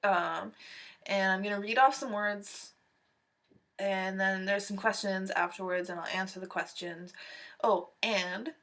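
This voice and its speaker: A woman's voice: medium pitch, steady tone, unhurried, a bit bright, far from the mic. A young woman from Alberta, chatting to the camera at home in a rambling, self-deprecating way with many fillers. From Canada (Alberta). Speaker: vlogger. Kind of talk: casual chat to camera. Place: at home in front of a sofa.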